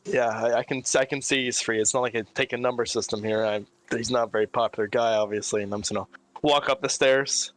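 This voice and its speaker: A man's voice: mid-range voice, steady tone, quick pace, a bit bright, poor audio. A man playing his character at a tabletop game, talking in a confrontational way. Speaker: player.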